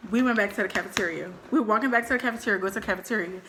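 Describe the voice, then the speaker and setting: A woman's voice: medium pitch, rapid-fire, slight background noise. A young woman telling a school story in casual, slangy chat, acting out quotes. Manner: animated, slangy, acts out quotes. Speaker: storyteller co-host.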